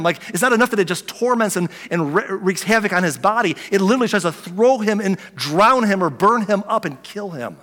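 Conversational pastor in a big echoing hall. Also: male voice, high-pitched, big pitch swings, quick pace, hardly any pauses. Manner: conversational, swings from loud to near-whispered. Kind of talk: sermon.

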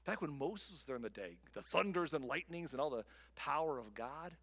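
Preaching man, loud then whispered. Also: fairly high pitch, expressive, brisk. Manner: swings from loud emphatic lines to soft whispers. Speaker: pastor. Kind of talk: sermon. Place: church sanctuary.

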